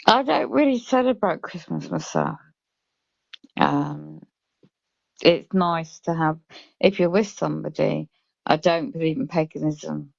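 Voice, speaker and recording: A British woman on a live stream, chatting casually and reading out chat comments in a slow, drawn-out way. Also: low voice, gravelly, dry recording. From Britain. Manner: reads chat comments aloud slowly. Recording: dull lo-fi live stream audio.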